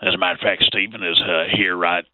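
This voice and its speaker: A man's voice: low voice, steady tone, fast, no room sound, close to an everyday voice. A man doing a comic impression of a rambling, aging football team owner, stumbling over filler words on a phone line. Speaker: impressionist on a radio show. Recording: muffled phone-line call.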